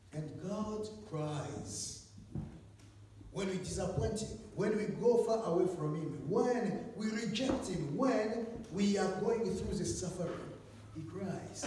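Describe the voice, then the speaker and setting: A man preaching a sermon in a church hall, swinging between loud animated passages and hushed ones. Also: sits high, slight background noise. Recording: echoey church hall, mic from far off.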